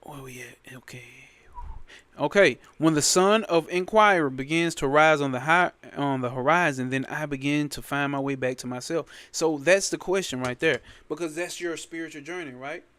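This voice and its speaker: Speaking at a moderate pace in a slightly high, somewhat bright voice with no room sound, a man comments casually on a spiritual text. His delivery is emphatic and repetitive, peppered with profanity.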